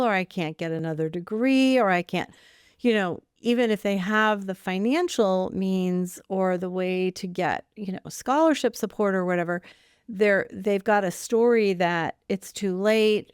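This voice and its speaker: A woman hosting a podcast interview, reflecting back and asking questions in a measured, affirming way. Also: mid-range voice, a little mellow, clean tone, no room sound, studio quality. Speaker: podcast host.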